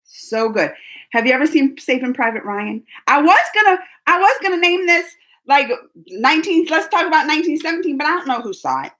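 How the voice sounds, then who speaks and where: A woman's voice: high voice, brisk. A young adult woman hosting her channel, answering viewer questions in a casual, talkative way and laughing often. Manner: animated and talkative, laughs often, restarts sentences. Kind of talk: casual livestream chat.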